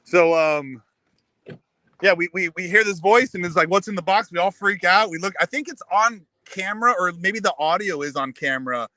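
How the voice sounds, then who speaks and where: A man tells stories on a live talk show, his voice on the higher side and bright. The sound is dry and close. He talks in an animated, casual way and keeps restarting his sentences. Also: moderate pace, dry recording, low-quality recording. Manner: animated storytelling, lots of restarts. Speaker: musician guest. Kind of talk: casual chat.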